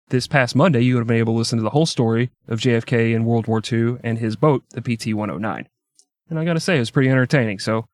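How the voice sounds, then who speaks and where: A man narrates history for a podcast in a loose, joking, irreverent way, often breaking into laughter. His voice sits at an ordinary middle pitch. It is recorded dry and close to the mic, with no room sound. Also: no echo. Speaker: podcast co-host telling a history story. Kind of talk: casual comedic storytelling.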